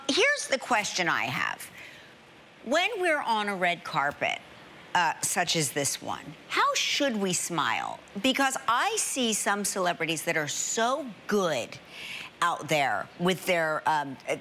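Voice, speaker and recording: Animated, self-mocking female TV host. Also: on the low side, measured pace, a little hiss or hum. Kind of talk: playful live studio banter. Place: TV studio.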